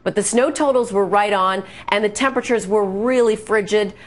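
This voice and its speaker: Weather lady on tv, chatty and brisk, just running the forecast. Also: mid-range voice. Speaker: meteorologist. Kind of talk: studio weather report.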